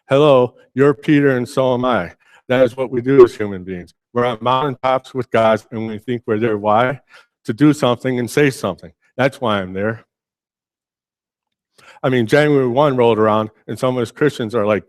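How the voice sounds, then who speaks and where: A man preaching a sermon as pastor, telling Bible stories in a lively, casual way and acting out the characters' lines. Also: mid-range voice, moderate pace, no echo, studio quality. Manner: animated storytelling, acting out biblical figures in casual speech. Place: church.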